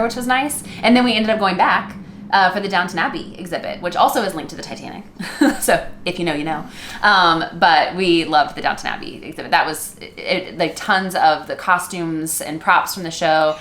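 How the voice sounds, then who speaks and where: A woman with a notably low, deep voice chats casually as co-host of a vlog, upbeat and full of filler words. She sounds like she is in a roomy, echoing space indoors. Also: a little fast, fairly bright tone, a little hiss or hum. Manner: chatty, upbeat, with frequent "um" and "yeah". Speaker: co-host of a couples channel.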